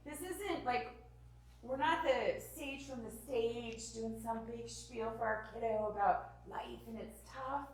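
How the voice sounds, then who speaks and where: A woman with a somewhat high voice runs a lively parenting workshop, acting out little scenes between parents and children and sometimes sinking into a whisper. She sounds far from the mic, and the hall around her rings with heavy echo. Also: slow. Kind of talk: lively parenting talk to a live group.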